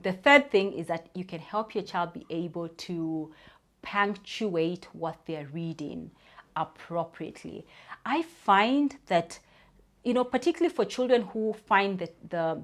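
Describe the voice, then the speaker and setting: A speech therapist explaining reading tips to parents in an informal, talky way, with many fillers and restarts. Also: female voice, fairly low pitch, measured pace.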